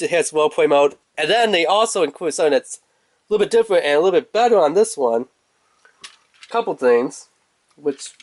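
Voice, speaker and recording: A man with a fairly high-pitched voice talks through a toy unboxing. He rambles in a casual, animated way and tells his story to the camera. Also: no room sound.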